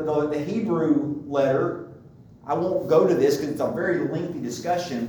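A man's voice: on the high side, a little mellow, a little hiss or hum. A man preaching a sermon, emphatic and driving his points home by repeating them. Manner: emphatic, repeats key phrases. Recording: very echoey room, mic far off.

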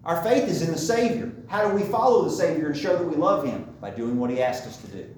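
Emphatic preacher in an echoey hall. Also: male voice, on the high side, animated, fast talker, darkish tone, slight background noise. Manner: emphatic, repeats key phrases. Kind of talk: sermon. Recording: very echoey room, mic far off.

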